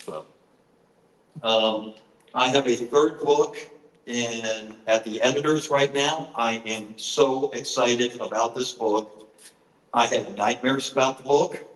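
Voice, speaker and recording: Middle-aged male author, mid-pitched, earnest storyteller, roomy conference-hall sound. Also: slow pace. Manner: earnest, storytelling, frequent fillers. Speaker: author giving a presentation. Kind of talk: conference talk with personal stories.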